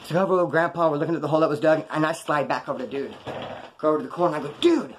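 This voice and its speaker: Fast-talking, profane man. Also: on the high side, slight background noise. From Bakersfield, California. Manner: rapid, profane, animated, acts out others' lines. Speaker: former prisoner telling stories. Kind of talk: casual storytelling.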